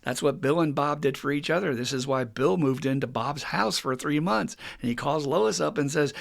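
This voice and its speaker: A man hosting a recovery podcast, talking casually and teaching with animated stories. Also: a little high, normal speed, creaky, hardly any pauses. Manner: animated storytelling with acted quotes and frequent laughs. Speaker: recovery counselor and podcast host.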